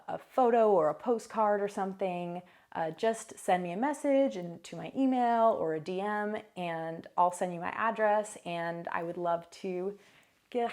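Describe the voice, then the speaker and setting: A woman's voice: mid-range voice, darkish tone. A young woman talking casually to the camera in her vlog, chatty and full of asides. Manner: chatty, many fillers and asides. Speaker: vlogger. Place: new apartment.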